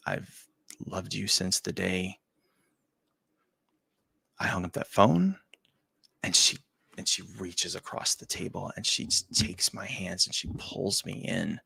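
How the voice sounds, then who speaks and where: Man, talk host, deep gravelly voice, dry close sound, emotional, halting, repeats words. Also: dry recording. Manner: halting, repeats words, often drops to a quiet near-whisper. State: choked up. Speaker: show host. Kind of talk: emotional personal storytelling.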